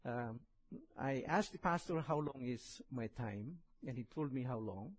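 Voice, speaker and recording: A man with a strong Indonesian accent preaching in a church, chatting and joking before he reads scripture slowly. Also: medium pitch, animated, rough recording. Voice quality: husky, heavily accented English. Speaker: visiting preacher. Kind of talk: sermon.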